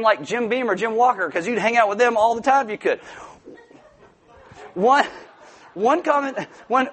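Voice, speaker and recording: A male pastor preaching a sermon to his congregation in a joking, conversational way, with sudden loud outbursts. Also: high voice. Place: church before a congregation.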